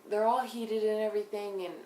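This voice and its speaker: A young woman recapping a reality show in a blunt, casual way, swearing often and sometimes dropping into hushed asides. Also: medium pitch, flat delivery, a little fast. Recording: echoey room, faint background noise.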